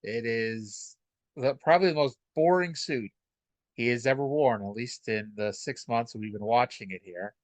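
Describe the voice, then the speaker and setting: A man's voice: medium pitch, moderate pace, dry recording. A man talks through an old wrestling show in a loose, rambling podcast voice, wry and full of fillers. He sits close to the mic in a dead, dry space. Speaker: podcast host reviewing old wrestling shows. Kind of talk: casual solo podcast recap.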